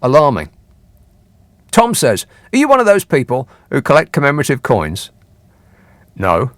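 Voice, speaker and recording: A man's voice: mid-range voice, wildly swooping pitch, moderate pace, fairly bright tone, no room sound. A man hosting a radio phone-in show, talking in a dry, sarcastic, teasing way. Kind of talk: late-night radio phone-in chat. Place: radio studio. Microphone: studio microphone.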